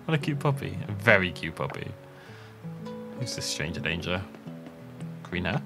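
Animated man doing casual game commentary. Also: deep voice, moderate pace, over music. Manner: rambling, self-interrupting, chuckling asides. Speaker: let's play host.

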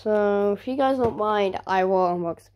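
A woman's voice: medium pitch, measured pace, dull audio. A woman unboxing a new phone for her vlog, talking casually with sarcastic, grumbling asides. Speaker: vlogger.

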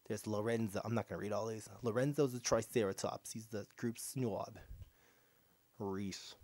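A young man hosting a casual let's-play, sarcastic and excitable, slightly ill and clearing his throat. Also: fairly low pitch, normal speed. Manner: sarcastic, reacting excitedly to gameplay. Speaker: gaming channel host. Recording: faint game music behind.

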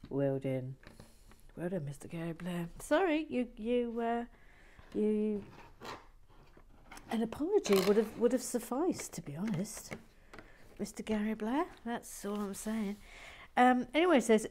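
A woman's voice: medium pitch, lively intonation, measured pace, pauses often, a little mellow. A woman chatting casually while she builds a toy set and reads out viewer comments, teasing and giggling as she goes. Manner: playful, teasing, giggly asides.

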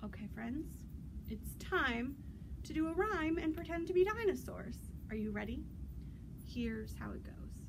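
A woman leading a virtual storytime for children as a librarian, speaking in a slow, singsong, animated way with loud playful roars. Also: high voice, creaky, background noise.

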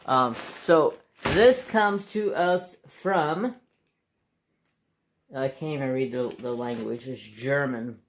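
A woman speaks slowly in an extremely low-pitched voice. She's hosting a laid-back craft-channel unboxing vlog from home, gushing with constant exclamations and addressing her dog between remarks.

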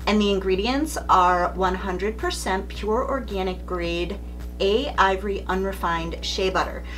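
A woman's voice: medium pitch, unhurried, a bit bright, soft background music. A middle-aged woman speaking as a beauty vlogger, telling a story in a chatty, candid way straight to the camera. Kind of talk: casual beauty vlog storytelling.

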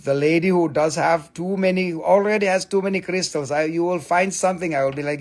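Excitable, higher-pitched man selling crystals. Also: brisk. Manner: excitable, swearing, playful, non-native phrasing. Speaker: live sale host. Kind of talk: live-stream crystal sale.

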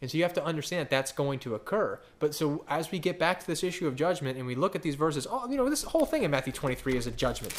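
A male pastor delivering a sermon in a somewhat high-pitched voice, pressing his points with rhetorical questions. He often stammers and restarts mid-phrase and keeps an emphatic, conversational push throughout. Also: animated, fast, few pauses.

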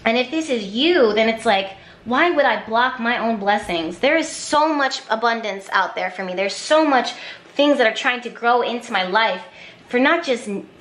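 A woman's voice: on the high side, lively intonation, moderate pace, fairly bright tone, reverberant. A woman giving an intuitive tarot reading to camera, talking emphatically with repetition and flashes of exasperation. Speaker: tarot card reader.

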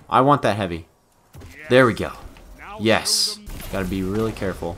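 A young man giving live commentary over his own video game match, muttering one moment and shouting the next. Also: fairly low pitch, moderate pace, pauses often, a little hiss or hum. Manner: excitable, swings from mutters to loud outbursts. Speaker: gaming YouTuber.

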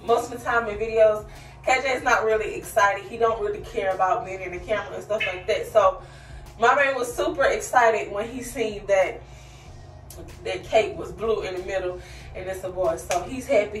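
A woman's voice: mid-range voice, far from the mic. A young adult woman talks to her viewers in a chatty, casual way, calling them y'all, tired and a little out of breath. Her voice sits a bit back from the mic in a roomy, echoey space, with faint music underneath. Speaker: vlogger, mother of five. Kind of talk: casual vlog outro.

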